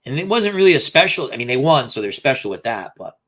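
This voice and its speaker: A man's voice: medium pitch, sing-song, fast talker, a bit bright. A man hosting a casual live stream, thinking aloud and reading out viewer comments. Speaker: host.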